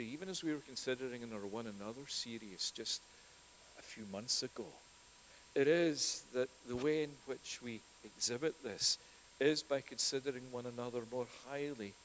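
Male preacher, earnest sermon, loud then hushed, mid pitch, faint background hiss. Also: normal speed, low-quality recording. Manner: earnest, storytelling with dramatic shifts in volume.

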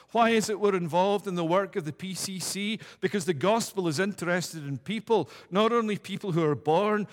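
A man delivers a sermon in a slightly high voice, building emphatic repeated phrases that climb in force. His voice rings out with a long reverb tail, as in a large church hall. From United Kingdom. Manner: emphatic, building repeated declarations to a rising pitch. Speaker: preacher.

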